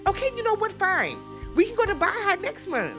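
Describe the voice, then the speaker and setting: A woman's voice: extremely high pitch, huge pitch swings, fairly quick, over music, pitched above the performer's own voice, exaggerated voice. A woman voicing a confused young man who eagerly tries to soothe and agree. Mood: placating.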